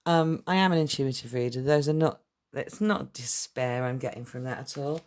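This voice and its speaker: A woman with a low-pitched voice talks her way through a tarot reading straight to camera. She rambles in a loose, chatty way and swears bluntly. The sound comes from a camera mic. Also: moderate pace, darkish tone. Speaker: tarot reader.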